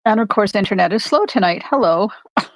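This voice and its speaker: A woman's voice: mid-range voice, animated, fairly quick, no room sound. An older woman hosting a live crafting demonstration from her home craft room, chatting casually and greeting viewers by name. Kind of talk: live-streamed crafting demo.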